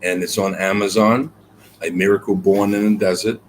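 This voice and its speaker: A man's voice: sits low, level tone, moderate pace, a little hiss or hum. A man being interviewed as a guest poet, telling his story earnestly and reflectively, with many fillers and repeated words.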